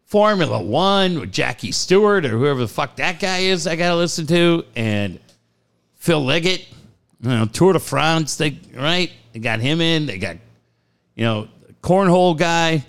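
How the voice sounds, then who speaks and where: A male radio host spinning a profane behind-the-scenes story in casual sports-talk banter. His fairly high voice swoops up and down with lively swings, and he laughs his way through the punchlines. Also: a little slow. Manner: profane, animated storyteller who laughs a lot.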